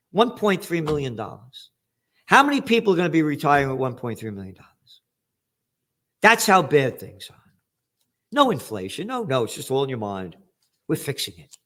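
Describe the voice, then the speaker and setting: A man's voice: mid-range voice, fairly bright tone. Angry older man ranting profanely. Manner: angry, profane, emphatic ranting with sarcastic mock quotes. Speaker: trends forecaster hosting a news commentary. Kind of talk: ranting news commentary.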